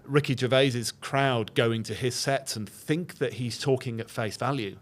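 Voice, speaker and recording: A man, a comedy writer and guest, making his case in casual podcast chat, opinionated and quick to jump in. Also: medium pitch. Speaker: comedy duo member, guest.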